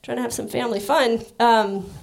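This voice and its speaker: A woman doing a stand-up set on stage, rambling and self-deprecating in a high-strung way. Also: fairly even intonation, moderate pace, creaky. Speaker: stand-up comic. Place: comedy club stage. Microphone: stage microphone.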